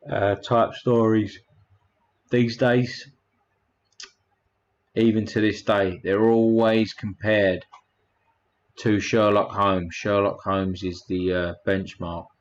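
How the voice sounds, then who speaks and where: A man's voice: lowish voice, fairly even intonation, slow, pauses often, lo-fi sound. A man hosting a casual livestream, rambling and a bit crude as he thanks his chat one by one. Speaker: livestream host.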